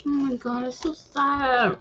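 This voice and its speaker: A woman's voice: high voice, flat delivery, a little slow, a bit bright, highs cut off, slight background noise. A woman hosting a reading stream, chatting casually and emotionally with viewers, rambling with many fillers and restarts. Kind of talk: casual chat with live viewers.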